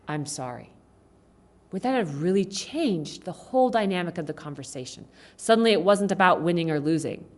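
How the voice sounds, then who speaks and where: A woman giving an informal, conversational talk to a church congregation, animated and acting out quoted speech along the way. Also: sits low. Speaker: guest speaker at a church service.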